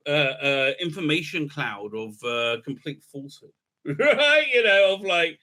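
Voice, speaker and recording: A rabbi talking through a casual commentary monologue, rambling and sarcastic, breaking into laughter often. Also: male voice, fairly high pitch, very animated, unhurried, bright, forceful tone.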